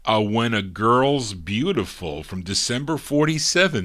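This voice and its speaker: A man hosting a live record show, talking in a relaxed, chatty way with fillers as he introduces old songs. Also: mid-range voice, a little slow, few pauses. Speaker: radio show host. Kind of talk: casual record show presenting.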